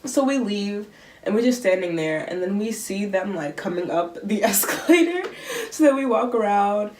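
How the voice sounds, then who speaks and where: A young woman gushing through a fan story in a casual, excitable way. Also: mid-range voice, normal speed, echoey room, far from the mic. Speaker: fan recounting a concert day.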